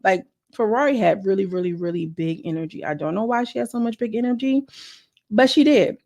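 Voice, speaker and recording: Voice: mid-range voice, lively intonation, brisk, creaky, a little mellow, no room sound, dull audio. A vlogger recapping a reality show in a casual, slangy, gossipy way, talking straight to the viewers. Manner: slangy, chatty, addresses viewers as girl. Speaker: show reviewer.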